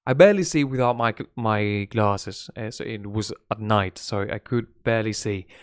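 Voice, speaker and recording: A man's voice: fairly low pitch, normal speed, clear, resonant tone, no echo, clean studio sound. A man from Spain with a Spanish accent whose first language is Spanish. He teaches an English lesson in a chatty, gossipy way, swears, and mixes in Spanish. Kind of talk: casual live-stream English lesson.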